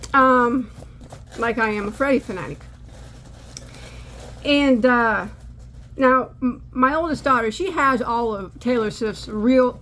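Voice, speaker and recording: A woman's voice: a little high, fairly bright tone. A middle-aged woman hosting a crochet channel, chatting casually from a cluttered room at home as she unboxes yarn, rambling and restarting her sentences.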